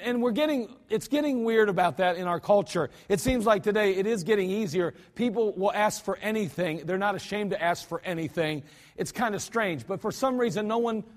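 A man preaching a sermon in a folksy, emphatic manner, with lots of repetition. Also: high voice. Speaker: pastor. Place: church sanctuary. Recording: archived church service with long hall reverb.

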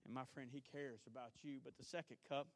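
A male pastor with a Southern US accent preaching a sermon, swinging between shouted exhortation and quiet storytelling. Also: medium pitch, fairly even intonation, fairly quick, slight background noise. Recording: archived church service.

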